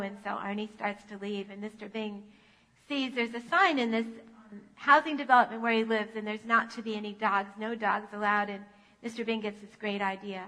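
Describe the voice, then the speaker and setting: A woman pastor telling a children's story in a church sanctuary, animated in manner. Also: medium pitch, normal speed, long reverb tail, low-quality recording.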